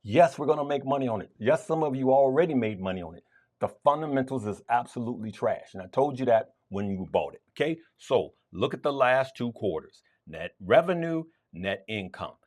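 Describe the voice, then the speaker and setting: A man's voice: mid-range voice, expressive, brisk, a little mellow. A male host walks viewers through stock charts. He is emphatic and hammers his points home by repeating them. His voice rises and falls over a wide range. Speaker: stock trading show host. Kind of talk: market commentary to viewers.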